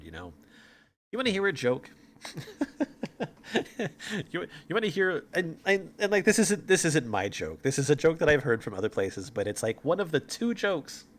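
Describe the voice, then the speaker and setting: A man's voice: medium pitch, fairly bright tone. A man casually playing through a game on stream, playful and joking, laughing often.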